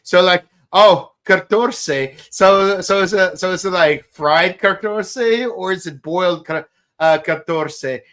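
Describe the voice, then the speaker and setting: Male podcast co-host, slightly high voice, unhurried, excitable tangents. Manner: excitable, rambling trivia tangents. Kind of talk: casual chat.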